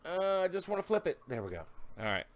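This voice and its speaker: A man chatting casually in a vlog, rambling and animated, telling stories with laughs as he shows his work. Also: high-pitched, fast, a little hiss or hum. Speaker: vlogger.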